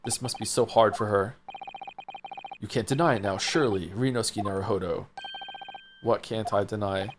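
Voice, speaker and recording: A man's voice: mid-range voice, background noise, natural voice. A man reading a game aloud, voicing a cold, haughty aristocratic British prosecutor with formal old-fashioned diction. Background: game music.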